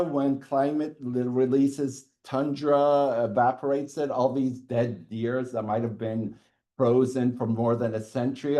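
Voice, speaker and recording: A middle-aged man of medium pitch gives an animated university lecture in a classroom, chuckling and often checking in with "okay".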